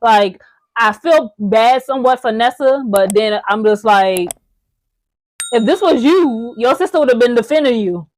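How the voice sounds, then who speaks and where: A woman hosting a casual movie reaction, animated and stammering, talking back at the screen. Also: a little high, a little slow, no room sound. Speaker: reaction video host.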